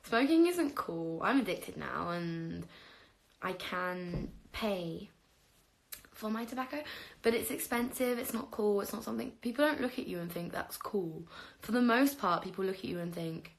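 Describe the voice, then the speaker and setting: A woman's voice: mid-range voice, lively intonation, moderate pace, gravelly. A woman in her twenties chatting casually on a livestream, answering viewers with frequent laughs and the odd whispered aside. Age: 20s. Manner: giggly, chatty, drifts into soft whispers. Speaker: livestream host. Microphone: phone camera.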